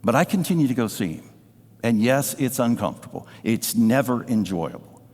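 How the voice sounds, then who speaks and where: A man preaching a sermon as pastor, telling a personal story with emotion and sometimes dropping to a hush. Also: medium pitch, very animated, moderate pace, slightly rough. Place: church sanctuary. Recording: live church sound with long reverb. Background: band playing softly.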